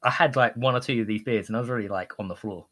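A British man chats as a podcast guest, spinning anecdotes. His voice is bright and clear at a middling pitch. He talks easily and laughs through his stories. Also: racing. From Britain. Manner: chatty, tells anecdotes with a laugh. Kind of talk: casual chat.

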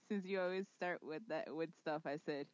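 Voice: mid-range voice, moderate pace, no echo, lo-fi sound. A podcast co-host in a casual chat who teases the host and laughs often.

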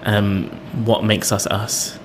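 Young british guy, guest on a podcast, low voice, thinking out loud, faint rumble behind. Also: little pitch movement, slow. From Britain. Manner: reflective, hesitant, laughs often. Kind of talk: casual interview conversation.

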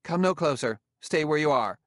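A man's voice: medium pitch, lively intonation, moderate pace, no echo, clean studio sound, voice pushed up, close to an everyday voice. A man voicing a cool, imperious woman scientist who speaks in clipped, commanding tones in an audiobook. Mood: haughty.

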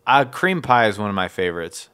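A man co-hosts a laid-back podcast, cracking jokes and laughing along. His voice sits a little low, and his delivery is casual. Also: very animated, fairly quick, pushed and bright, clear, resonant tone. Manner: joking, does silly voices, laughs. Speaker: podcast co-host. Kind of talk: casual chat.

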